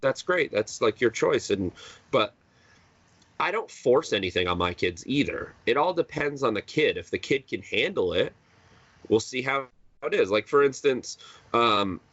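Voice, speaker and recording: A man co-hosts a podcast, chatting casually and rambling with lots of fillers and restarts. His mid-range voice is expressive, a bit bright and husky, and a little slow. The recording is dry with a dull lo-fi sound.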